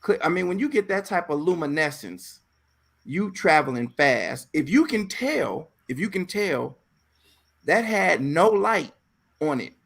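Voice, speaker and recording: A man hosting a casual talk show, telling stories in an animated way, repeating phrases and acting out voices. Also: on the high side, unhurried, creaky. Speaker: podcast host. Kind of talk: casual chat.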